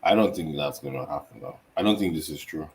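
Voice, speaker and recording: A man co-hosting a casual football podcast, explaining in a measured way with frequent fillers. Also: rumbling low, a crowd in the background, rough recording. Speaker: podcast co-host.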